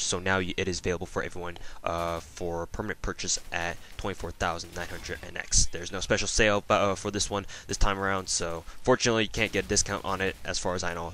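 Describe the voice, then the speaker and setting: Bright-voiced man rambling through a game review. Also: on the low side. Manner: rambling, filler-heavy, self-correcting. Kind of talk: casual game review voice-over.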